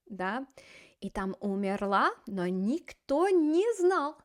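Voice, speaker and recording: A woman voicing an imagined older Soviet leader who gives slow, plain, measured answers. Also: mid-range voice, big pitch swings. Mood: matter-of-fact.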